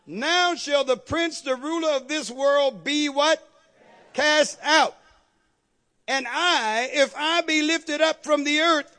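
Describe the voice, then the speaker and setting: A man with a strikingly high voice preaches a fervent sermon. He keeps calling out to the congregation for agreement and drives his points up to shouted peaks. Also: takes it slowly. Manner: call-and-response, repeatedly asking the congregation to agree.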